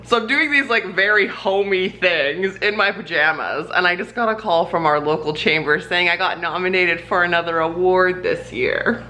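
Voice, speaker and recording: Young female vlogger, bright tone, chatty and laughing, faint room hiss. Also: fairly low pitch, normal speed. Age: young adult. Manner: chatty, laughs often, many fillers. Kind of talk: casual home vlog chat. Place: home, indoors.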